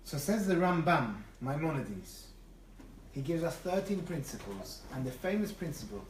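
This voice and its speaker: A man teaching through stories, animated and prone to restarting phrases, his voice pitched somewhat high. He stands well away from the mic, so the room echoes around him, with a faint hiss underneath. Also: normal speed, far from the mic. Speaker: Torah teacher. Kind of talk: lively storytelling lecture.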